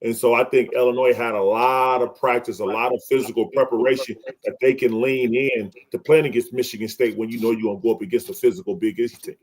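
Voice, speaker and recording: A man co-hosting a casual sports talk stream, offering brisk basketball analysis. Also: medium pitch, fairly even intonation, a little mellow, rough recording.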